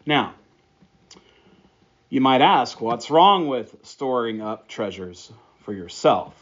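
A man's voice: mid-range voice, sing-song, slow, long pauses, lo-fi sound. A man preaching a sermon, praying and then teaching through a Bible passage with emphatic, repeated phrases. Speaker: pastor.

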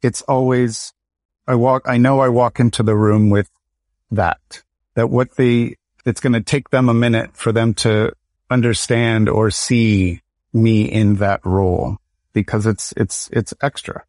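A man's voice: medium pitch, flat delivery, measured pace, a little mellow, dry recording, studio quality. A middle-aged man from Michigan, an actor and educator, telling stories from his career in a reflective, conversational interview. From Michigan, United States. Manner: reflective, storytelling with quoted dialogue.

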